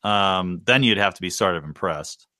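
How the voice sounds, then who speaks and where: A man's voice: low voice, moderate pace, bright, forceful tone, no echo, studio quality. A man co-hosting a casual podcast, rambling and laughing through joking asides. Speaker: podcast co-host. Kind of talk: casual chat.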